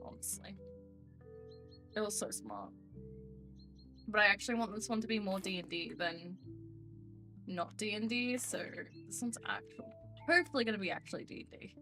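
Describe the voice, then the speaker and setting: A woman's voice: mid-range voice, pushed and bright. A young woman streamer chatting casually and rambling to her viewers, now and then cooing to her cat. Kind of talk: casual live-stream chat.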